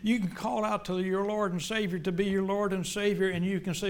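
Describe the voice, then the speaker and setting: A middle-aged male preacher delivering a sermon, swinging between loud emphatic lines and quiet, low ones. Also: brisk, hardly any pauses.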